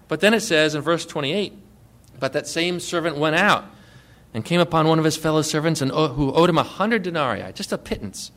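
A male pastor preaching a sermon with emphatic stresses, dropping to quiet asides and putting direct questions to his listeners. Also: high voice.

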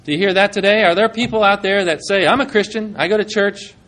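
A man's voice: sits high, fast, a bit bright. A male pastor preaching a sermon, reading scripture aloud and putting questions to his congregation, with dramatic rises and drops in his delivery.

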